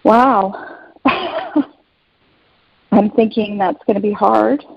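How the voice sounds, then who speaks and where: A woman in her forties answers slowly and sparingly in a husky, gravelly voice. Her audio is muffled and dry, like a lo-fi call line. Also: medium pitch, steady tone, no echo. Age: 40s. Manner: slow, brief replies. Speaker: caller seeking advice.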